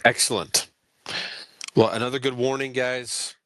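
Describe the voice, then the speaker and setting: A man's voice: mid-range voice, steady tone, a little slow, sharp tone, no echo, rough recording. A man co-hosting a podcast, making brief wry remarks. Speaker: podcast co-host. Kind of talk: casual chat.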